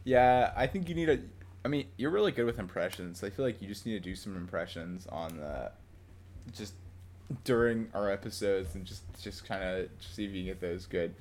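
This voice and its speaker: Low-voiced young man in casual podcast chat. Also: animated, darkish tone, a little hiss or hum. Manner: rambling, halting, many restarts and laughs. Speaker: podcast co-host.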